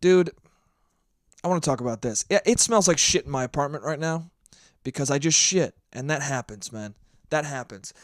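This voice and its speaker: Rambling, profane man with a higher voice. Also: animated, moderate pace, dry recording, studio quality. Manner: rambling and profane, self-mocking. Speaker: podcast host. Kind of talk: casual solo podcast monologue.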